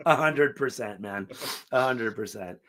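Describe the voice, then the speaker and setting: Bright-voiced man, swearing, acting out quotes. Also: medium pitch, a little slow. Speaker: podcast co-host. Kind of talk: emotional casual conversation.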